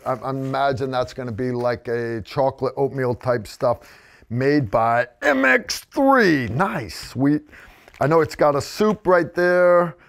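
A man's voice: medium pitch, clean tone. An American man hosting a casual review vlog, joking and rambling in a folksy way. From United States. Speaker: host.

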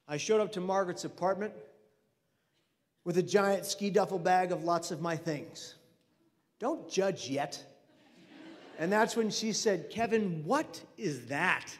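Animated high-voiced man in a hall. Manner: animated, comic, acts out voices of others. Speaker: mental health speaker. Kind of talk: storytelling keynote talk. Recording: reverberant hall.

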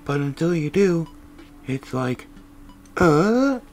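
A young man giving rambling comic gameplay commentary, goofy and full of random tangents with deadpan asides. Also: a little high, takes it slowly, vocal fry, soft background music, rough recording. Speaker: gaming video creator.

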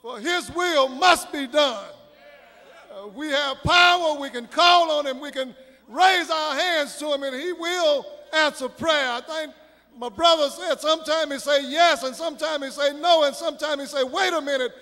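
A man preaching a sermon, swelling into shouted, sing-song preaching cadence, with a gravelly voice. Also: very high voice, moderate pace. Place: church sanctuary. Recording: reverberant church hall with faint congregation.

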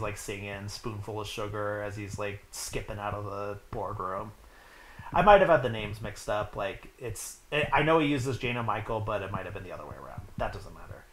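A man's voice: on the low side, a bit bright. A young man casually recapping a movie plot, rambling and filling his talk with "like". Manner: rambling, heavy use of "like". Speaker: podcast host. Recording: echoey room with faint noise.

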